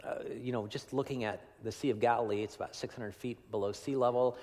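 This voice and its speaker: A man's voice: medium pitch, fairly even intonation, fast. Man preaching in a reverberant hall. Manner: conversational, tag questions, swings from loud to hushed. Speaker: pastor. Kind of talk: sermon.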